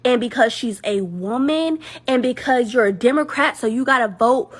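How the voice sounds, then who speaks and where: A woman's voice: on the high side, normal speed. A woman with ranting in a blunt, sarcastic, mocking monologue. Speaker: woman in a clip being reacted to. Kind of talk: ranting social media monologue.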